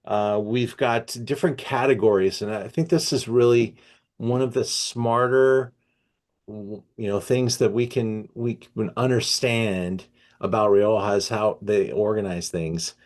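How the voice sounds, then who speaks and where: The wine shop host leads an educational tasting, his lowish voice a touch slow and a bit mellow. Easygoing yet hesitant, he fills his speech with plenty of ums and uhs.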